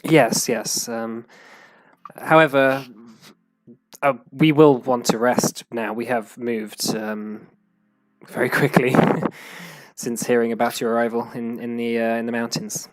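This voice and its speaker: A man's voice: medium pitch, little pitch movement, no room sound, close to an everyday voice, poor audio. A man voicing a stern goliath warrior woman. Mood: grave. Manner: measured, hesitant, halting with fillers. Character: stern female goliath warrior, sister of a player's character.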